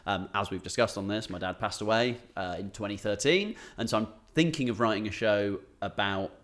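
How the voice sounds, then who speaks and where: A man's voice: lowish voice, a little fast, fairly bright tone. A man, a comedian and podcast co-host, chatting casually and telling a rambling story with restarts. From England. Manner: rambling, self-interrupting storyteller. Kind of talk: casual chat.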